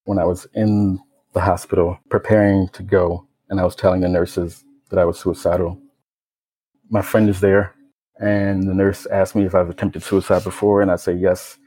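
A young American man tells his own story in a low, steady voice that barely rises or falls. His tone is dark and mellow with a husky edge. He talks in a reflective, unhurried way, with plenty of casual fillers. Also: rough recording. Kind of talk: personal testimony.

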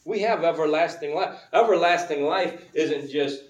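At a moderate pace, a slightly high-voiced male pastor preaches in a conversational way, putting questions to the congregation. The recording is muffled, made with a distant mic in a roomy church sanctuary.

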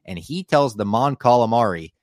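A man's voice: medium pitch, expressive, normal speed, a little mellow, no echo, studio quality. A man on a podcast recapping a TV episode in casual, enthusiastic talk, retelling scenes. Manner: enthusiastic, narrates scenes with acted quotes. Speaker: podcast co-host.

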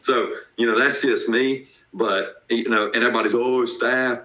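A man with a strong Southern accent, co-hosting a casual sports podcast in a blunt, salty, animated way. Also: medium pitch, moderate pace, echoey room, poor audio. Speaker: podcast co-host.

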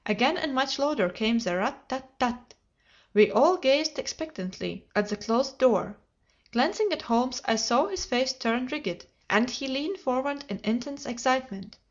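A woman reading a classic detective story aloud as an audiobook narrator, steady and measured, in a dull lo-fi recording. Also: high voice. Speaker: audiobook reader.

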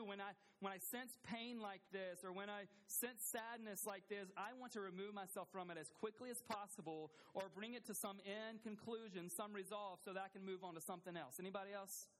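A man's voice: high-pitched, fairly bright tone, a little hiss or hum. Earnest man preaching a sermon. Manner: earnest, asks the congregation questions, repeats phrases for emphasis. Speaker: pastor.

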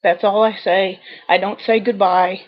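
A woman dispatcher telling a personal story over a video call, earnest and halting with many pauses. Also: medium pitch, fairly even intonation, dull audio. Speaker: 911 dispatcher guest.

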